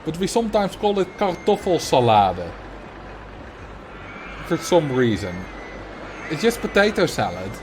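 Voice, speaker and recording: A man's voice: a little high, big pitch swings, a little slow, pauses often, noisy background. A man with a Dutch accent giving casual, joking commentary while livestreaming a game. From Netherlands. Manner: chatty, laughs often, jokes about words.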